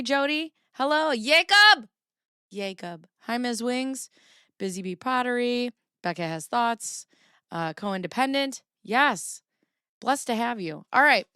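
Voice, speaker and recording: A woman's voice: medium pitch, fairly bright tone, clear, resonant tone, no echo, studio quality. A woman hosting a casual livestream, chatting in a rambling way, greeting her viewers and swearing now and then. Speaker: livestream host.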